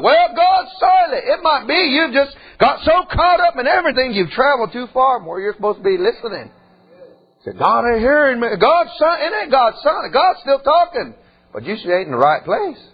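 A man preaching in a high, lively voice that climbs and dips all over. His talk is folksy and animated, peppered with asides to the congregation. The tone is slightly husky, and the recording sounds dull and lo-fi. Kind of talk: sermon.

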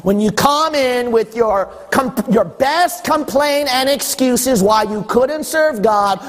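A man's voice: extremely high pitch, expressive, takes it slowly, big-room sound. A male pastor preaching a sermon, building emphasis and teasing his congregation along the way.

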